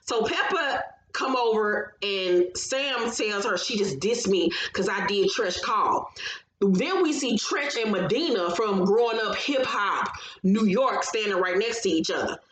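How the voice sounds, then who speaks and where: A woman recapping a reality TV episode in casual chat, telling it with animated, profane storytelling and acting out what people said. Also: mid-range voice, unhurried. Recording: roomy echo, faint background noise.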